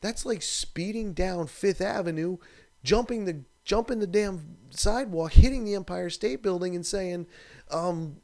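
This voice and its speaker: A man's voice: sits high, a little slow, vocal fry. Ranting, foul-mouthed male stream host. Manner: animated, profane, exasperated ranting. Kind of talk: casual live-stream rant.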